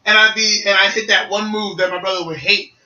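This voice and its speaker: Young male podcaster, lively storyteller doing voices, sharp bright tone, roomy distant sound. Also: sits high, brisk, dull audio. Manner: animated storyteller, acts out voices and shouts. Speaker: podcast co-host. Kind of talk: casual gaming podcast chat. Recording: echoey room, mic at a distance.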